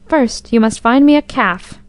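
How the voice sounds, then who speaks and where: A woman's voice: a little high, a little slow, no echo, lightly acted. Aisha, a determined old woman, read by a woman narrator. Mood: urging. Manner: urgent, pleading. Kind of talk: storybook narration.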